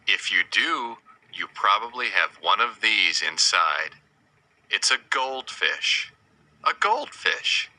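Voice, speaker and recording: A man teaching young children, slowly naming animals, asking simple questions and spelling each word letter by letter. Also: on the low side, pushed and bright, rough recording.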